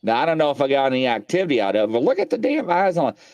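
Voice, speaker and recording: A man hosting a paranormal show from his home studio, telling stories in a rambling, animated way full of fillers. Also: medium pitch, racing, dry recording. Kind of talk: casual live-stream chat.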